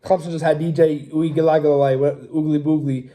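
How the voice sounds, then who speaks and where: A man's voice: a little high, little pitch movement, normal speed, mellow. A young man hosting his own show, giving opinionated, rambling college football predictions in a casual way. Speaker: show host. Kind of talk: casual sports talk.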